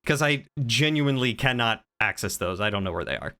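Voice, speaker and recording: A man's voice: mid-range voice, animated, a little fast, sharp tone. A man chatting casually on a live stream, reading chat and teasing viewers in a playful, rambling way.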